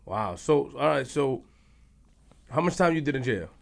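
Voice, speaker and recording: Gravelly-voiced man asking blunt questions. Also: mid-range voice, lively intonation, normal speed. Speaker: interview host. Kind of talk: casual interview questions.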